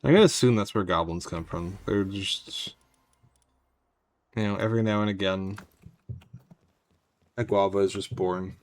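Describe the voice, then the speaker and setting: Low-voiced man rambling over a game. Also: a little slow, long pauses, no room sound. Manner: rambling, wry, talks to chat. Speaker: gaming streamer. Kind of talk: casual gameplay commentary.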